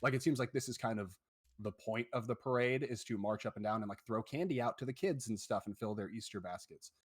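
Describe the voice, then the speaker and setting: A man's voice: lowish voice, a little fast, slightly rough. A man narrating a tabletop game as the game master, describing scenes in a loose, descriptive way.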